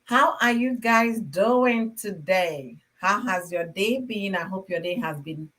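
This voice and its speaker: A woman's voice: mid-range voice, a bit bright. A woman with a Nigerian accent hosting a casual livestream from home, chatting with viewers and greeting them by name. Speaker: livestream host.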